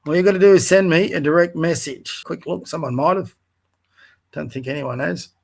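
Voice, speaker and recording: This is a creaky, fairly high male voice at normal speed. A middle-aged Australian livestreamer reads social media posts and mocks them angrily, swearing bluntly and throwing in scornful comments.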